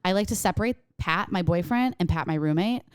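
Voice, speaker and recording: A young woman chatting on a podcast in a smooth, low-pitched voice, recorded dry and close. She talks candidly, swears without a second thought, and acts out bits of conversation. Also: animated, a little fast, no echo. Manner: candid and swearing, quoting herself and her boyfriend. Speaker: podcast co-host. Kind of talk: casual chat.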